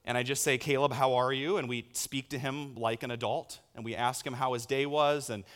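A man in his thirties preaching a sermon as a pastor, telling stories with sudden loud bursts. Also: medium pitch, steady tone, a little fast.

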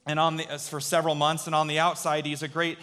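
Animated male preacher in an echoing hall. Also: a little high, fast. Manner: animated storyteller, drops to a hush for quoted voices. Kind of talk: sermon storytelling. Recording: long hall reverb.

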